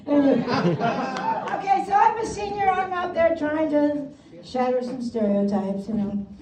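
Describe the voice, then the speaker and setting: A woman's voice: sits high, lively intonation, a little slow. A woman in her seventies from Wisconsin performing a self-mocking stand-up set with punchy delivery and frequent laughs. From Wisconsin, USA. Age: 70s. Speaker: stand-up comedian. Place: comedy club stage with live audience. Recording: roomy club sound from a distance, crowd audible.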